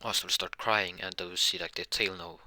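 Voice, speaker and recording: Rambling storyteller man, very low and very bright, dry sound. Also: fairly even intonation, brisk, no room sound. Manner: rambling, frequent self-corrections. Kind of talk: improvised fan-fiction narration.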